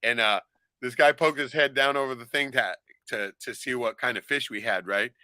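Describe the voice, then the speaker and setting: A man's voice: mid-range voice, moderate pace, no echo. A man chatting casually as a podcast host, swearing freely and breaking into laughter as he tells stories. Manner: animated, profane, laughs often. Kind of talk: casual chat.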